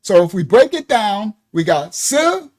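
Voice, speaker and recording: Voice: medium pitch, sing-song, normal speed, a little mellow. A teacher at a ministry giving an interactive class, spelling out terms letter by letter and calling on the class, addressed as y'all, to join in. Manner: coaxes the audience to join in.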